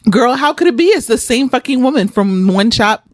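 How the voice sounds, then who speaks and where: A woman hosting a podcast with loud, laughing, swearing banter, recorded outdoors. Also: fairly high pitch, expressive, a little fast, dry recording, clean studio sound. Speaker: podcast host. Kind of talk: casual chat. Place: outdoors in the woods.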